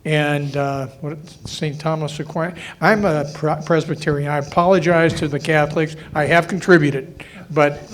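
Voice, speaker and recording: A man's voice: a little high, fairly even intonation, normal speed, a little hiss or hum. An older man on a panel, telling jokey personal anecdotes and laughing often. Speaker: panel guest. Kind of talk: storytelling at a banquet panel.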